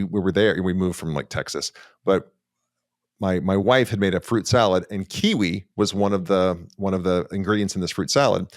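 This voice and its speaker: A middle-aged man hosting an interview podcast, talking with excitement and lots of "like" and "you know". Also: deep voice, no echo, studio quality. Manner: enthusiastic, filler-heavy, animated. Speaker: podcast host. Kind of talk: casual interview conversation.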